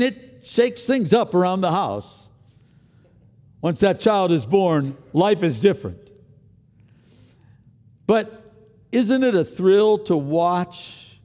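An older man preaching a sermon as pastor, earnest, swinging between a loud push and a hushed near-whisper. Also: fairly high pitch, big-room sound.

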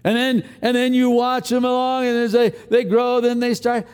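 High-voiced older male preacher. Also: monotone, moderate pace, smooth, long reverb tail. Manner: earnest preaching with wide swings from loud to hushed. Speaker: pastor. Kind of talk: sermon.

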